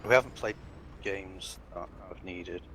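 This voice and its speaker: Deep-voiced man on hissy voice chat. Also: a little slow, a bit bright. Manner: rambling, laid-back questions. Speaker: game master friend on voice chat. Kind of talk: casual chat.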